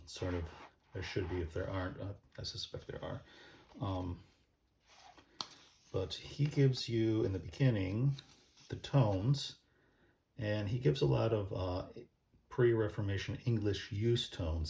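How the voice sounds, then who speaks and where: Slow, dark-voiced hesitant man. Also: lowish voice, gravelly. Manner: hesitant, many ums and restarts; thinks aloud while paging through a book. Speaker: church music presenter. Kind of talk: casual explanatory talk.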